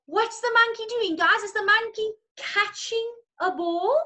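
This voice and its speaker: A woman's voice: very high voice, slow, pushed and bright. A woman teacher, reading a picture story to young children in a playful, coaxing way.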